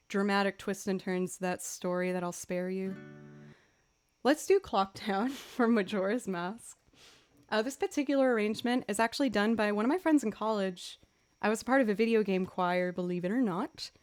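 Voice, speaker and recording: A young woman chats with her stream viewers between songs. She tells stories in a lively, chatty way and laughs often, at a mid pitch for a woman. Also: smooth. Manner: chatty, animated storytelling with laughs. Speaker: livestreaming musician. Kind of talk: casual chat with stream viewers.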